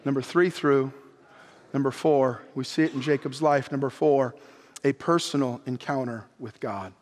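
A man preaching a sermon as pastor, impassioned, swinging from near shouts down to quiet, low lines. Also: fairly even intonation, moderate pace. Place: church sanctuary. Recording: long reverb of a church hall.

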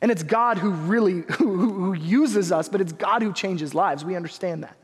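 Young male pastor, earnest and animated, with a light, high voice and a long hall echo. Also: breathy edge. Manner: earnest, animated storytelling with quick asides. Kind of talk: sermon with personal story.

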